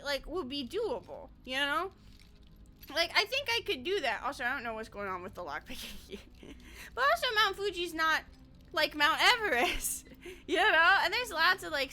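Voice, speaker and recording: A woman's voice: sits high, pushed and bright. A woman VTuber streamer chatting casually while gaming, rambling, laughing a lot and swearing freely.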